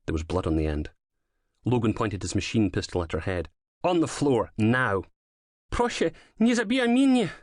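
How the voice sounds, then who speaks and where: Male thriller narrator, low voice, measured and dramatic, dry close studio sound. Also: dry recording. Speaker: audiobook narrator. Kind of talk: scripted narration of a crime thriller.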